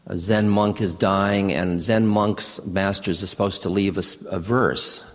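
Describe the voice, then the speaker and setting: A man giving a spiritual talk, telling stories in an unhurried way with halting restarts. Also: low voice, steady tone. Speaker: spiritual teacher. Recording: long hall reverb.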